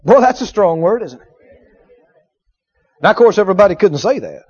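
High-voiced preacher with a lively delivery. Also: male voice, brisk, husky. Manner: animated, acts out little dialogues, swings from loud to hushed. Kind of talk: sermon. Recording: dull lo-fi sermon recording.

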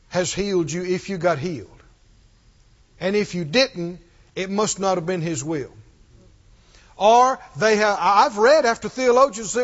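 High-voiced preacher in an echoing hall. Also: male voice, expressive, measured pace. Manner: emphatic and repetitive, leads call-and-response. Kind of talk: sermon. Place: church. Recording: muffled, with long hall reverb.

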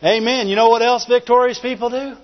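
A man preaching a sermon, calling for amens and often breaking into shouts. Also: extremely high pitch, fairly even intonation, brisk. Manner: call-and-response, often shouting. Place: church. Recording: reverberant church hall, dull lo-fi sound.

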